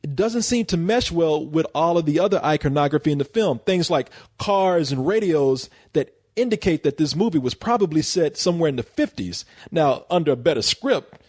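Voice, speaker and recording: Guy reviewing a movie on a podcast, kinda high voice, laughs a lot, lots of restarts. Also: animated, normal speed, a little mellow. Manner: laughs often, many false starts. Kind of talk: casual podcast chat.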